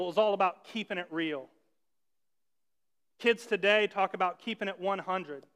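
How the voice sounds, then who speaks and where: A man's voice: sits high, brisk, pushed and bright, clean tone. A man preaching a sermon as pastor, talking conversationally and asking ironic rhetorical questions. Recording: long reverb of a large hall.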